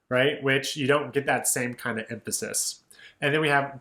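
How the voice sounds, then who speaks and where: A man's voice: medium pitch, normal speed, reverberant. Male music teacher, casual and explanatory, mid-range voice, speaks lyrics in rhythm. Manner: relaxed, explanatory, says "right?" and "kind of" often, speaks lyrics in rhythm. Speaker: music educator.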